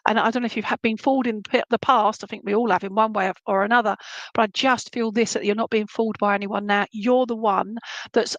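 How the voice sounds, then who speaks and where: A woman's voice: a little high, fairly even intonation, brisk, dry recording, low-quality recording. A woman giving a live psychic reading to one viewer, rambling and affectionate, often stopping to ask whether what she says makes sense. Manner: warm endearments, rambling, frequent "would that make sense?" check-ins.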